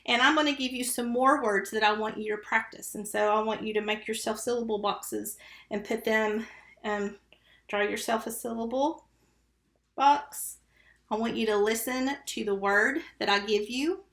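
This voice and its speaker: A woman's voice: on the high side, steady tone, normal speed, a bit bright. A woman teaching a recorded first-grade phonics lesson, patiently sounding out syllables and letters one by one. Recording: roomy, echoey recording.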